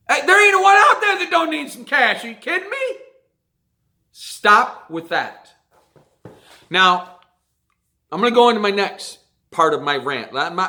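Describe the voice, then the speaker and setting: Man ranting to camera, high voice, animated swings, emphatic repeats. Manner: emphatic, repeats phrases for stress. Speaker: racing vlogger. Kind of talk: ranting monologue to viewers.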